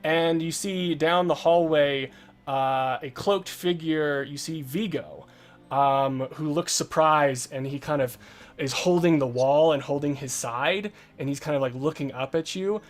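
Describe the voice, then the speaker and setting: A man narrating as game master, slow and halting with many fillers. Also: a little high.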